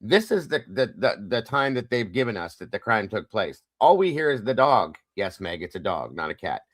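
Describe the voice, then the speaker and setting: A man hosts a casual true-crime livestream in a lowish, sing-song voice at a moderate pace, with no echo. He talks bluntly, swears frequently, and keeps stressing that it's only his opinion.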